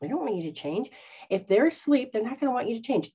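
A woman's voice: a little high, very animated, fast, mellow, husky. A woman who is a psychic medium and spiritual teacher, talking earnestly to her followers and acting out quoted voices. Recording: dull lo-fi sound.

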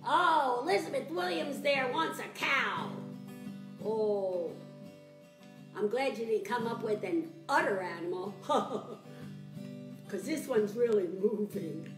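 A woman teaching children's music in a live-streamed sing-along, animated and chatty, greeting viewers by name. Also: fairly high pitch, takes it slowly, reverberant.

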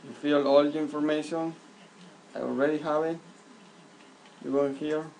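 Gravelly man walking through a tutorial. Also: on the high side, level tone, darkish tone, poor audio. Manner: halting, repeats words, simple direct instructions. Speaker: YouTuber giving a tutorial. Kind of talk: casual screen-recorded walkthrough. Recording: faint background noise.

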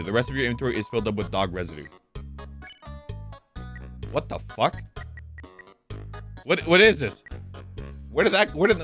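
A man streaming a video game, reading the on-screen text aloud and reacting with excitable, profane commentary. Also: medium pitch. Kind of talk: casual gameplay commentary.

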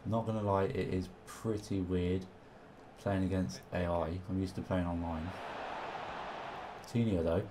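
A young man swearing and reacting excitedly while commentating his own football video game, with game music behind him. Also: sits low, a little slow, long pauses, noisy background. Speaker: gaming commentator. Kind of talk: casual gameplay commentary.

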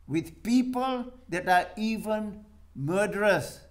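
A man's voice: high voice, unhurried. A man preaching a sermon, reading scripture aloud and putting questions to his listeners. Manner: reads scripture aloud and asks the congregation questions.

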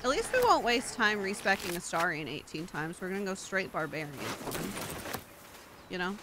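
A woman's voice: on the low side, very animated, normal speed, very noisy. A woman streamer giving casual gameplay commentary, blunt and crude with jokes. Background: game music.

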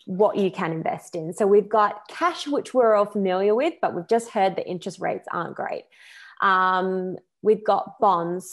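Woman, money coach, gravelly middle-pitched voice, relaxed chatty delivery. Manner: chatty, loose, with fillers. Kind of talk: presenting a finance talk.

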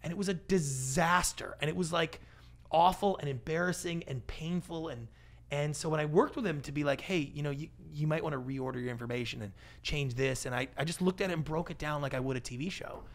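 A man speaking as a guest in a conversational podcast interview, an animated storyteller with a big, energetic personality who acts out what people said. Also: on the high side, a little fast. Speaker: guest, pitch coach and TV producer.

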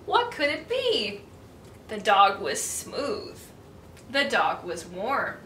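A woman reading a picture book aloud to children in an animated way, asking her listeners questions as she goes. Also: a little high, slow. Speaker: children's storyteller. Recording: echoey room, distant mic, faint hiss.

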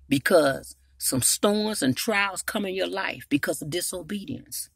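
Gravelly, husky woman evangelist preaching. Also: low-pitched, dry recording, studio quality. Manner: preachy storytelling, swells louder to exhort, frequent hallelujahs. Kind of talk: sermon.

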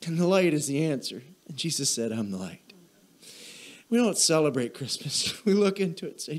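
A man preaching a church sermon as pastor, who repeats short phrases in a steady cadence, asks the congregation for an "amen", and gets emotional while reading. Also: a little high, moderate pace. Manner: repetitive preaching cadence, call and response. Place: church sanctuary.

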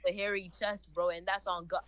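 A woman's voice: lowish voice, flat delivery, fast talker, crowd noise. A young woman joking and trading slangy insults with friends over voice chat. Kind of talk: casual gaming chat.

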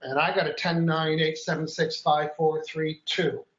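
A man's voice: on the high side, flat delivery, measured pace, a bit bright, reverberant, muffled recording. A man hosting a live stream, chatty and upbeat, explaining each step and counting aloud as he demonstrates. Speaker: host.

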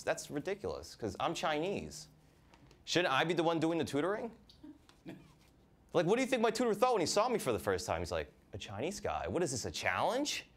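A young man from New Jersey doing a stand-up comedy set, deadpan, mimicking his family's voices. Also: fairly high pitch. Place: comedy club stage. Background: audience laughter.

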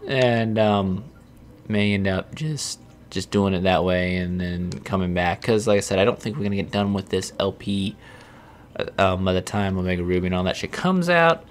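A man's voice: low voice, normal speed, a little hiss or hum. A young man casually commentating his gameplay, swearing often and getting exasperated with himself. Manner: profane, self-deprecating, easily exasperated. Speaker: Let's Play host.

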